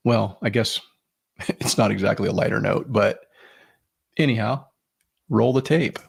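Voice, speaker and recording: A man hosting a podcast in casual chat, talking in a halting way with many fillers and restarts. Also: on the low side, creaky, husky. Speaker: podcast host.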